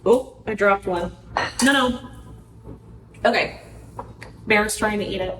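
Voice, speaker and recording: A woman's voice: medium pitch, slow pace, fairly bright tone, faint music behind. A woman hosting a casual cooking vlog with life advice, speaking in a chatty, earnest way and correcting herself as she goes. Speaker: wellness podcast host. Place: home kitchen. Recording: echoey kitchen, voice from far off.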